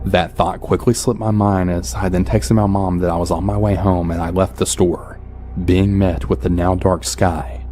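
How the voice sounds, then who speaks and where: A man narrating a true horror story in the first person, calm and even. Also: low-pitched. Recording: soft background music.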